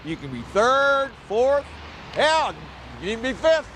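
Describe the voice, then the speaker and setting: A reckless, carefree middle-aged father from a film. His voice sits very high and leaps wildly up and down. The film clip has clear background noise under it. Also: very animated, measured pace, heavily acted. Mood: mocking. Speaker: film character in a played clip.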